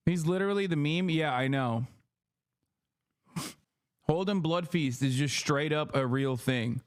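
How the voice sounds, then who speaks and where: High-voiced man streamer, profane and sarcastic reaction commentary. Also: unhurried, long pauses, smooth, no room sound, clean studio sound.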